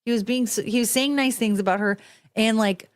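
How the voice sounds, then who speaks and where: A woman's voice: on the high side, brisk. Blunt, profane woman host mocking clips. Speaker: podcast host. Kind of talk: casual commentary on video clips.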